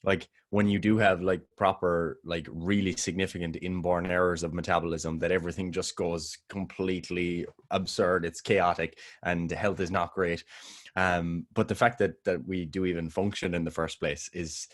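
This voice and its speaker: A man's voice: deep voice, level tone, normal speed. A man co-hosting a podcast in casual chat, rambling with many restarts and frequent laughs. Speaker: podcast co-host.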